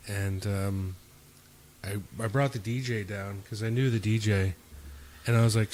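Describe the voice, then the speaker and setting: A man's voice: on the low side, fairly even intonation, normal speed, darkish tone, a little hiss or hum. A young man hosting a podcast, telling a long, profane bar story in casual chat and acting out what others said. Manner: rambling, profane, acts out quotes of others. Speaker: podcast host.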